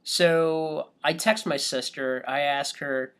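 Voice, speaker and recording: A man co-hosting a podcast, telling a travel story in a casual, halting way with many fillers and restarts. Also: a little high, fairly even intonation, a bit bright, clear, resonant tone. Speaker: podcast co-host.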